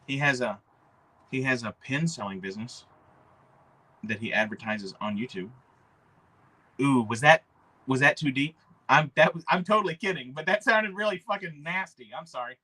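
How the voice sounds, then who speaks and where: A man's voice: mid-range voice, normal speed, long pauses, pushed and bright. A man hosting a livestream, rambling casually, cursing often and answering the chat. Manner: rambling, profane, reads chat aloud. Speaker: livestream host.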